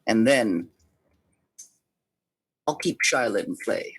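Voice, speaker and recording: A man voicing a scheming patron who talks in a slow, measured way. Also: fairly low pitch, lively intonation, a bit bright, husky, full character voice. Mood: cold.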